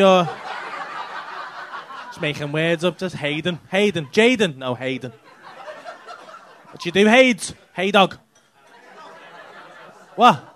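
A man's voice: high voice, fairly bright tone. A male stand-up comedian doing cheeky, teasing crowd work and swearing freely. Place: comedy club stage with live audience. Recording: live club audience.

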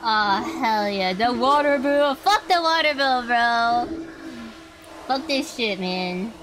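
A young woman streaming a game, chatting to her viewers with lots of swearing and sudden excited outbursts. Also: a little high, slow pace, slight background noise, poor audio. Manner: excitable, swears freely, talks to chat. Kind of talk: live gameplay commentary.

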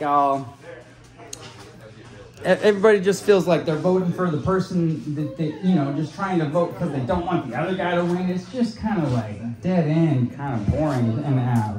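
A man doing rambling open-mic stand-up in a small venue, recorded on a handheld mic. His voice sits high and swings widely in pitch while the delivery stays slow. The room adds noticeable echo. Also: dark tone. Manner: loose, meandering, swears a lot. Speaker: stand-up comedian. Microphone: handheld stage microphone.

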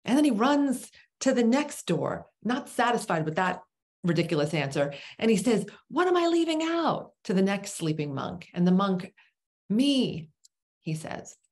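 A woman teaching as a spiritual teacher, telling a parable slowly with dramatic pauses and dropping into a whisper on key words. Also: lowish voice, expressive, a little mellow.

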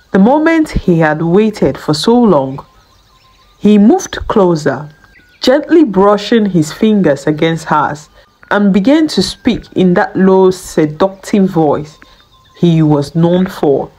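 Slow, lilting woman storyteller. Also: mid-range voice, darkish tone, poor audio. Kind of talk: scripted folktale narration.

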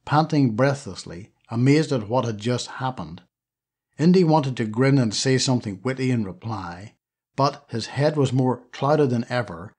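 Husky male audiobook narrator. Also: mid-range voice, a little mellow. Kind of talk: scripted narration.

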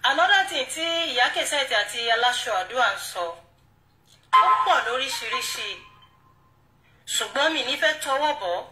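A young woman with a Yoruba accent speaking to camera in an emotional monologue, pleading, apologetic and halting. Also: high voice, animated, sharp tone, reverberant, far from the mic, slight background noise, low-quality recording. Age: young adult. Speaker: video creator.

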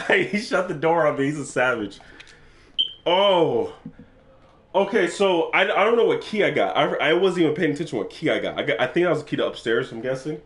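A man giving excitable let's play commentary for his gaming channel, swearing freely as he plays. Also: on the high side, moderate pace.

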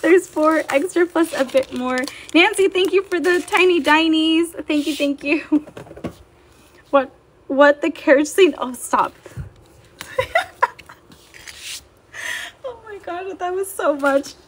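A chatty young woman talks through a home livestream, her voice high and lively as she greets viewers. She sounds bubbly and easygoing. Soft clicking noises sit faintly behind her. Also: normal speed, slight background noise. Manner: bubbly, chatty, reads viewer comments aloud. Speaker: livestream seller. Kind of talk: casual livestream chat.

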